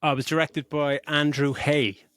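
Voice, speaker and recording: A man's voice: on the high side, moderate pace, no room sound, studio quality. A middle-aged man co-hosting a podcast, gushing about a film in casual chat and swearing freely. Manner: effusive, swears freely, animated retelling. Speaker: podcast co-host. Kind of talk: casual movie review chat.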